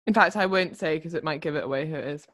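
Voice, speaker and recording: A woman's voice: deep voice, fast talker, fairly bright tone. A woman, co-hosting a podcast and reacting to a listener's story in casual chat. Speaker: podcast co-host.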